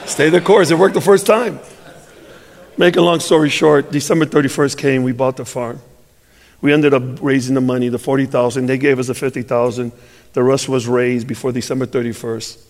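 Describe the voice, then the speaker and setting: A man's voice: mid-range voice, little pitch movement, fairly quick, darkish tone, in a large hall. A male pastor telling a personal story in a sermon, acting out the dialogue and building to fervent preaching.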